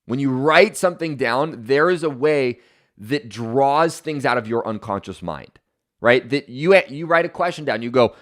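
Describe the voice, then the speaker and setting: A man's voice: medium pitch, lively intonation, normal speed, a bit bright. A man giving an emphatic motivational talk as a podcast host, repeating his key points and often checking in with "right?".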